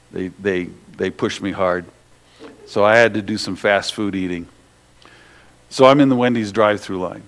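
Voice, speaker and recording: A male pastor telling a story in a sermon, animated, with restarts and asides to his listeners. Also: on the low side, smooth.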